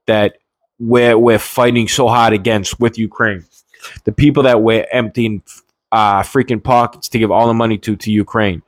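A man's voice: fairly low pitch, dry recording. Man ranting about politics, dry sound. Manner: heated, indignant, with frequent restarts and swearing. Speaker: political commentator. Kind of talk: casual political rant.

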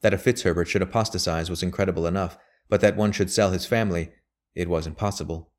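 A man narrates a classic novel in a very deep voice. His reading is steady and measured, with a calm, even delivery. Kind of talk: audiobook narration of a period novel.

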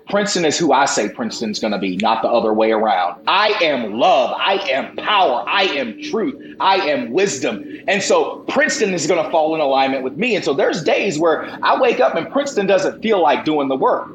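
A man's voice: fairly high pitch, sing-song, quick pace, hardly any pauses. A man talking as a podcast guest and motivational speaker, emphatic and preacher-like, with rising bursts of intensity. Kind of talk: impassioned motivational talk. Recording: roomy echo, faint background noise.

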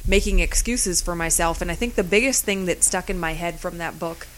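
A woman's voice: on the low side, a little fast, a little hiss or hum. A woman co-hosting a podcast, talking in a casual, earnest way. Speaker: podcast co-host. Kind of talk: casual chat.

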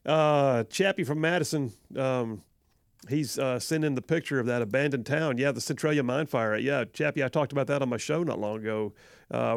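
Casting: middle-aged Southern man, radio talk host, gravelly, dry close studio mic, chatty and quick to laugh. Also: mid-range voice, no echo. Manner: chatty, self-deprecating, laughs often. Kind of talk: casual call-in radio talk. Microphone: studio microphone.

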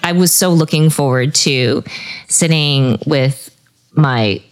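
A woman's voice: sits low, slow. A young adult woman chatting as a podcast guest, emotional and rambling, laughing often. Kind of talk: casual chat.

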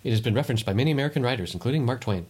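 A man's voice: medium pitch, animated, rapid-fire, a little mellow, breathy edge. A man co-hosting a podcast in casual chat, explaining things at length and often restarting his sentences. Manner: rambling, self-correcting, explains at length. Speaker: podcast co-host.

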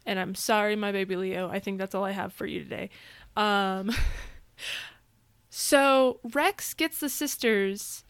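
An American woman co-hosting a podcast in casual chat, excitable and quick to swear. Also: mid-range voice, clean tone, no room sound. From United States. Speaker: podcast co-host.

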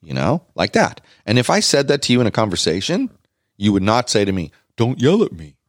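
A man co-hosting a podcast in casual chat, telling stories with emphatic, animated rises. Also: fairly low pitch, a little fast, dry recording, clean studio sound. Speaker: podcast co-host.

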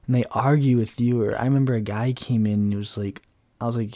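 A man's voice: medium pitch, fairly even intonation, fairly quick, mellow, no echo. A young man hosting a talk show, ranting casually in a blunt, sarcastic and profane way, rambling with lots of fillers. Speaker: podcast host.

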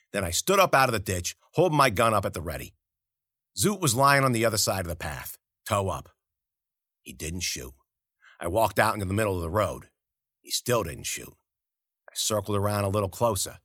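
A man's voice: fairly low pitch, sharp tone, no room sound, studio quality. A man narrating a first-person story in a gritty, slangy, profane voice. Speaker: audiobook narrator.

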